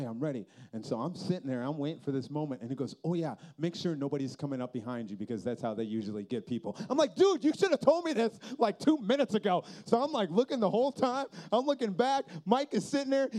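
A middle-aged man from Minnesota preaching a sermon as a story, acting out the dialogue with sudden jumps in pitch and loudness.

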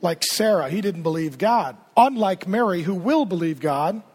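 High-voiced, animated male pastor. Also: normal speed, slightly rough. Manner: animated, humorous, conversational. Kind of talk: sermon.

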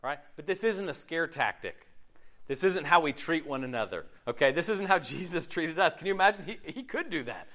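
A man preaching a sermon as pastor, in a conversational, animated way with frequent laughter. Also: fairly high pitch, fairly quick.

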